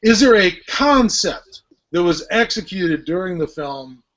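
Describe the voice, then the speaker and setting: A man's voice: sits high, animated, unhurried, a bit bright. A man hosting a casual podcast chat, telling stories animatedly and swearing freely. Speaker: podcast host. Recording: lo-fi podcast audio.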